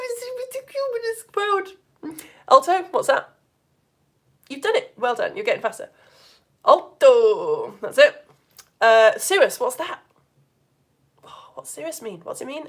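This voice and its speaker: A woman's voice: fairly high pitch, a bit bright. A woman from the United Kingdom teaching a live online science lesson to children, playful and coaxing as she asks questions and calls out words.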